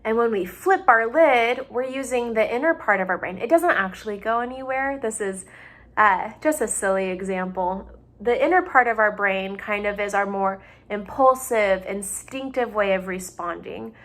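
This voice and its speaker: A woman's voice: medium pitch, moderate pace, a bit bright. A young woman, a psychology doctoral student, talking at home in a patient, plain-spoken way, giving simple examples meant for children. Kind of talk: gentle explanatory talk for families.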